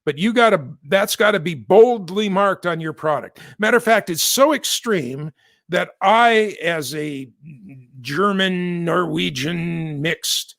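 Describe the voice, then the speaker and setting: An American man talks through the news in a loose, conversational way, wandering into asides and correcting himself as he goes. His voice sits a little high for a man. The recording is dry and close, with no room sound. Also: slow pace, vocal fry, a bit bright, no room sound. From United States. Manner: chatty, digressive, self-correcting with asides. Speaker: host. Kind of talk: casual news commentary.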